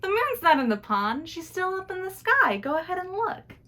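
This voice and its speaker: A woman voicing a cheerful young gentleman who laughs and loudly scolds foolish villagers in a told folktale. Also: very high voice, big pitch swings, moderate pace, pitched above the performer's own voice, full character voice. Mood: amused. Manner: amused, loud and scolding.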